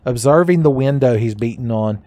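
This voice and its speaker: A man giving casual, joking commentary while playing a game, his voice a little raspy today and often breaking into laughs at his own asides. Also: mid-range voice, normal speed, warm tone. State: slightly raspy voice. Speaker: gaming commentator. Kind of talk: casual let's-play commentary.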